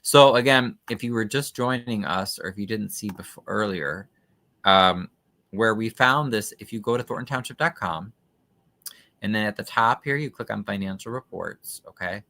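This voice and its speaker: A man hosting a casual livestream reads documents aloud and comments on them in a skeptical, chatty way, using lots of fillers. His voice is lowish and sharp, at a moderate pace.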